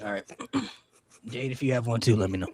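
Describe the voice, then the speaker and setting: A man hosting a casual podcast, reading a list aloud with lots of "uh" fillers and excited outbursts. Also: medium pitch, a little fast, vocal fry, a little hiss or hum. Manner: excitable, filler-heavy, many "uh"s. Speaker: podcast host.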